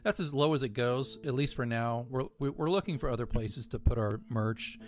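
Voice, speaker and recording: A man's voice: medium pitch, normal speed. A man co-hosting a fan podcast, talking casually and rambling upbeat about the show and its merchandise. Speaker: podcast co-host.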